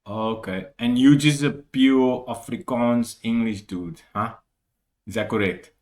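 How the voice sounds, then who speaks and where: A man's voice: mid-range voice, unhurried, a little mellow. Male host, Cape Malay accent, curious and inquisitive, casual chat. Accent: Cape Malay, Cape Town. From Cape Town, South Africa. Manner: curious, keeps asking questions. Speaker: podcast host.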